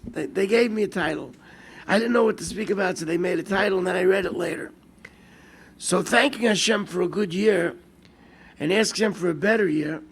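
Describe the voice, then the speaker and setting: A rabbi with a high-pitched, gravelly, husky, slightly bright voice gives an informal Torah lecture filled with stories. He speaks conversationally, poses rhetorical questions, and stresses certain words in bursts of emphasis.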